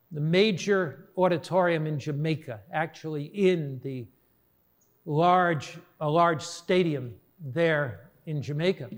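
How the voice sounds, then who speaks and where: Earnest higher-voiced male preacher. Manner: earnest storytelling, slows for emphasis. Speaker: pastor. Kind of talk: sermon.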